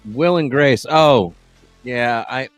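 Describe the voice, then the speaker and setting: A man's voice: mid-range voice, slow pace, clear, resonant tone, dry recording. Male podcast co-host, casual late-night banter, reads chat aloud, light music under him. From Texas. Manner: loose, joking, reads chat comments aloud.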